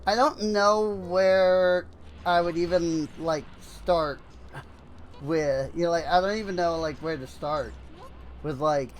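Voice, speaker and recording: Slow-talking, high-voiced male streamer. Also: a little hiss or hum, low-quality recording. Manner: rambling, heavy on "like" fillers. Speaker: streamer playing a game. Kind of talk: casual gameplay commentary.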